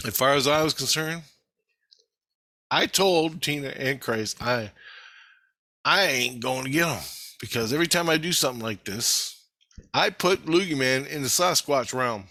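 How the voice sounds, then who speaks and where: Man, profane, rambling storyteller; bright, tense voice, dry recording. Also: medium pitch, normal speed, no echo. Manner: heavy swearing, rambling storytelling. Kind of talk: casual monologue video.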